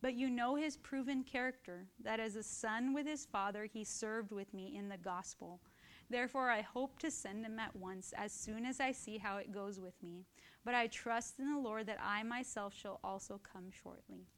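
A woman teaching from the Bible in a conversational way, often checking in with "right?" and getting lively and laughing as she tells stories. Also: on the high side, moderate pace. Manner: animated and laughing while telling stories.

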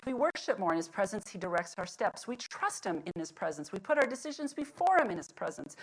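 A middle-aged woman speaking at a women's Bible study, teaching devotionally and telling family stories with lively, animated humor that settles into quiet reflection. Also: mid-range voice, poor audio. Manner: lively storyteller who leans in on the funny parts, then slows to reflect.

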